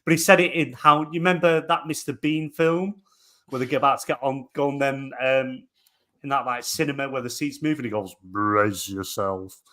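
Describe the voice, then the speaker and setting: A man on a gaming podcast, telling animated, swear-laden stories and acting out the quotes. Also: fairly high pitch, fairly quick. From England. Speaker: podcast panelist. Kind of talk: casual chat.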